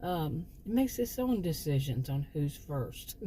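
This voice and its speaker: A woman's voice: low voice, sing-song, takes it slowly, mellow, a little hiss or hum. A woman hosting her own channel, telling a personal story in a chatty, rambling way with frequent restarts. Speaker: channel host, former sociology teacher. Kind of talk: casual storytelling monologue.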